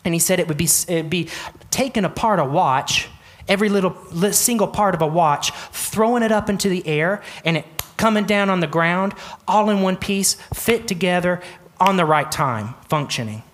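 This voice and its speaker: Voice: mid-range voice, animated, moderate pace. A pastor preaching an earnest sermon, addressing the congregation directly and repeating key phrases for emphasis.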